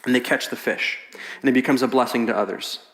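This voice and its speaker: Animated preacher in an echoey hall. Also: male voice, medium pitch, fast. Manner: animated storytelling, acts out quoted voices. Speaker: pastor. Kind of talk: sermon. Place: large church hall.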